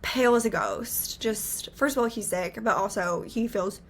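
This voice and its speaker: A young woman co-hosting a podcast, chatting through a story in an animated way with many filler words. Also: medium pitch, moderate pace. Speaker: podcast co-host. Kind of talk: casual storytelling chat.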